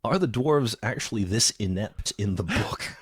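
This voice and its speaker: A man co-hosting a casual movie podcast, speaking in a measured way with wry humor. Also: fairly low pitch, big pitch swings, husky, dry recording, studio quality. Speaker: podcast co-host.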